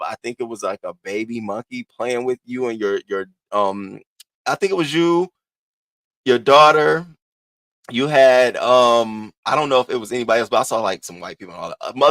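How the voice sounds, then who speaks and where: A man chats on a morning livestream, calling out viewers by name. His voice sits at a middling pitch but swoops upward with excitement. The sound is dry and close, with no room around it. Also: dry recording. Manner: animated, playful, swoops up high when greeting people. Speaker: livestream host. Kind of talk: casual livestream chat greeting viewers.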